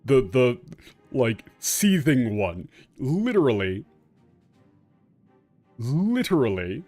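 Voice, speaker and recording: Casting: male streamer, slow and stumbling live commentary with casual cursing, faint game music under the voice. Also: medium pitch, very animated, darkish tone, dry recording. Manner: halting, many restarts, casual swearing.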